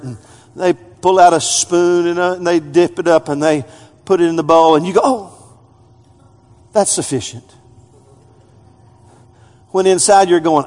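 A man, a pastor, preaching a sermon to his congregation, swinging from loud emphatic peaks down to quiet asides. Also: on the high side, in a large hall. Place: church sanctuary.

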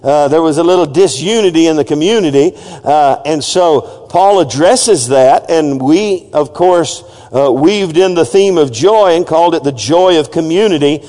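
A pastor delivering an emphatic sermon, often calling on the congregation to repeat phrases after him. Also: male voice, a little high, a little mellow. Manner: call-and-response, urging the congregation to repeat phrases; emphatic preaching with frequent asides and restarts. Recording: long reverb of a church hall.

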